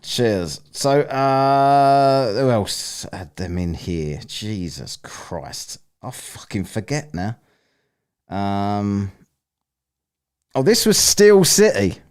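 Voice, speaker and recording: Man, casual streamer, slow drawling delivery, swings his pitch widely, swears a lot. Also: big pitch swings, darkish tone, clean tone. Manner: rambling, swears, laughs often. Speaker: streamer hosting a soundbite contest. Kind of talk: casual live-stream chat.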